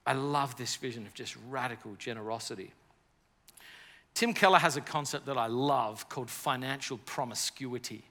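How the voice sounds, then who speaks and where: A male preacher delivers a lively, story-driven sermon to an audience in a large hall. His voice is bright and forceful, carried by long reverb off the walls. He moves between scripture reading and chatty anecdote. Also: mid-range voice, moderate pace.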